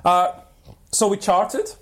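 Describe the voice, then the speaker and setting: A man cohosting a casual banter podcast, animated and quick to laugh, hopping between topics. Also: high voice, a crowd in the background. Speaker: podcast co-host.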